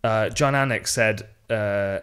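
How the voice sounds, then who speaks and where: A man hosting a podcast, breaking down fights in quick, analytical casual chat. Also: on the low side, fairly bright tone, clean tone. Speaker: host.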